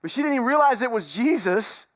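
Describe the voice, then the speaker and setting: A man preaching a sermon in a church, telling a story in a relaxed, conversational way, with playful asides and jokes. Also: extremely high pitch, fast talker. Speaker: pastor. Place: church sanctuary.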